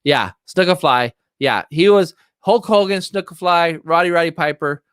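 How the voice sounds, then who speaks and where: A middle-aged man hosts a casual livestream hangout from a close mic. His voice sits a little higher than most men's, and the room sounds dry and dead. He rambles and gets excited easily. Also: moderate pace, smooth, dry recording. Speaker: livestream host. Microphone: streaming setup, close mic.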